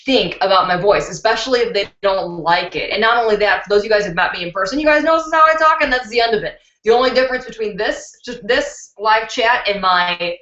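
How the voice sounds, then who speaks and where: A woman's voice: mid-range voice, fast, hardly any pauses, a bit bright. A young woman hosting a beauty channel live stream, chatting candidly with viewers and laughing easily, recorded on a built-in computer mic. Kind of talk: casual live-stream chat answering viewer questions. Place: indoors at home. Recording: dull, roomy laptop-mic recording.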